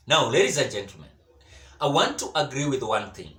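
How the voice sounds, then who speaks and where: Emphatic Kenyan man, lively pitch. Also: a little fast, roomy sound. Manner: emphatic, repetitive, with stumbles and repeated words. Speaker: political commentator. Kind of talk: solo political commentary.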